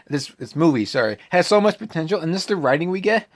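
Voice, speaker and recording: A man giving a casual vlog movie review, ranting with animated exasperation. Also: on the high side, quick pace.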